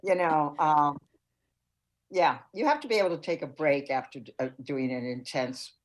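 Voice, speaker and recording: A woman's voice: deep voice, expressive, normal speed, poor audio. An older woman, a foreign correspondent, giving reflective interview answers and searching for her words.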